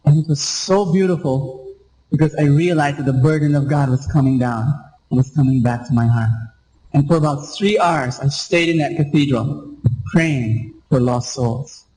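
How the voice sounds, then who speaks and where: A man preaching a sermon, impassioned and slowing down for emphasis. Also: on the high side, darkish tone, poor audio.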